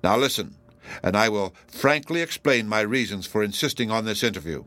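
A man reading aloud in the voice of a smug, pompous elderly judge, formal and deliberate. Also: on the low side, animated, fairly bright tone, no echo. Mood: persuasive. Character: smug, self-assured elderly male judge, pompous and formidable.

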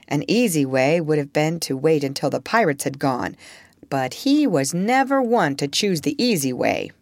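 A woman narrator reading a storybook aloud in a measured, expressive way. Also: sits low, dry recording, studio quality.

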